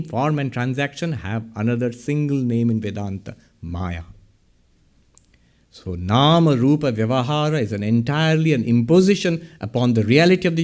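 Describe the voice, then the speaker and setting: A man's voice: mid-range voice, darkish tone. A man giving a public lecture from a podium. He explains ideas step by step and keeps asking the audience questions. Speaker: lecturer on Vedanta. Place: hall with a podium. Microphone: speaking at a podium.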